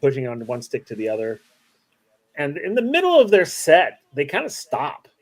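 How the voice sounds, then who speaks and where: Lively male game master. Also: on the high side, moderate pace. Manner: casual, hesitant, full of fillers. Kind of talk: narrating a tabletop game.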